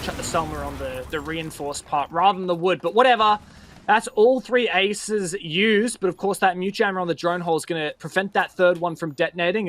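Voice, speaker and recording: A man giving fast play-by-play esports commentary, excitable and bantering with his co-caster. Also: high voice, a little hiss or hum.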